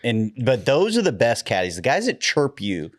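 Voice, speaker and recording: A man's voice: medium pitch, huge pitch swings, normal speed, no echo, studio quality. A man co-hosting a casual podcast, curious and jokey, asking follow-up questions. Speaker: podcast co-host. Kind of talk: casual chat.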